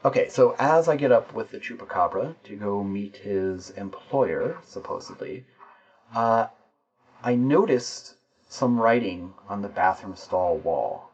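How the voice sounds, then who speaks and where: A man narrating a solo tabletop game and explaining each dice roll and rule as he goes. His voice is low and husky. The recording sounds dull and lo-fi. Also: expressive, measured pace, a little mellow. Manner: explains dice rolls and rules aloud as he narrates.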